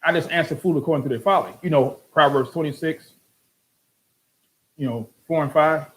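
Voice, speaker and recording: Older male host, sarcastic and exasperated, higher-pitched, repeats words as he talks. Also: low-quality recording. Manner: repeats words in rapid restarts. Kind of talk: casual commentary reading out online comments.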